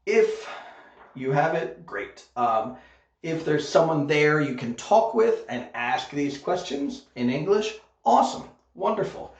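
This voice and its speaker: A man teaches English grammar online in a slow, deliberate way, sounding out example sentences and checking in with "okay?" as he goes. His voice sits a little high for a man. The recording is dull and lo-fi, with an echoey room around him. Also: expressive.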